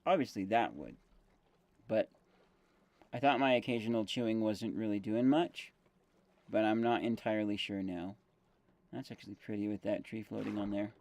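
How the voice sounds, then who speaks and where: A man's voice: lowish voice, moderate pace, pauses often, darkish tone. A man casually commentating his game stream, thinking aloud with fillers and self-corrections while chewing gum.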